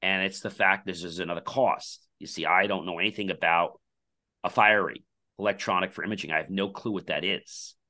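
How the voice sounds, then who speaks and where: Here a man with a low voice talks a little quickly, spinning a lengthy tale on a podcast where he appears as a guest. He founded a company, and he brings the story to life by performing each person's quoted lines.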